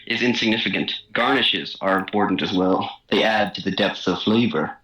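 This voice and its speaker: A man's voice: fairly low pitch, moderate pace, pushed and bright, roomy sound, poor audio. A man playing a tabletop game, speaking in character in an emphatic, lofty way. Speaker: player. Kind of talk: in-character role-play chat.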